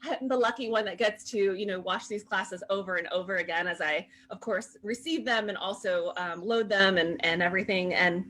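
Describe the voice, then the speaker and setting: A woman hosting a live-stream chat who reads out viewer comments and talks in a gushing, enthusiastic way, quick to laugh. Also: medium pitch, a bit bright.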